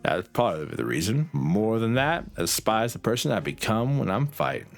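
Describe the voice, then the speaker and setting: A man doing a calm, scheming old strategist. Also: lowish voice, normal speed, vocal fry, soft background music. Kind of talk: reading game dialogue aloud on stream.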